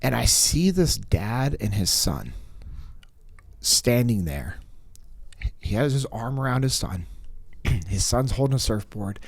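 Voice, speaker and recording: A man's voice: mid-range voice, slow pace, gravelly, long pauses, husky, no echo. A man telling a personal story in casual podcast chat, acting out what people said, with plenty of fillers. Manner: animated storyteller, acts out quotes, many fillers. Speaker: podcast guest. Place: podcast studio.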